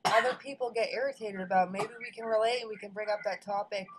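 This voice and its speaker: A woman's voice: medium pitch, steady tone, quick pace, rough recording. A woman from New Hampshire co-hosting a podcast, blunt and swearing casually. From New Hampshire, USA. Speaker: podcast co-host.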